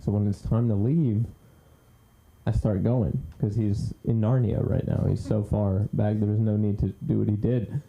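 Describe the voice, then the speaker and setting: Brash low-voiced man doing stand-up. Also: fairly even intonation, moderate pace, creaky, mellow, poor audio. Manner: brash, loose, profane. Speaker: stand-up comic. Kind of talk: stand-up storytelling. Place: small comedy club stage.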